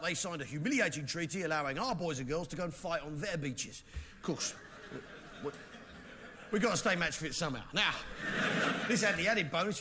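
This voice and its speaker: Brash English comedian, lively high voice. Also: male voice. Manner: brash, mock-patriotic pub bluster, barking asides to the crowd. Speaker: stand-up comedian. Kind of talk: stand-up comedy with crowd work. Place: theatre stage before a live audience. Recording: live show clip with loud audience noise.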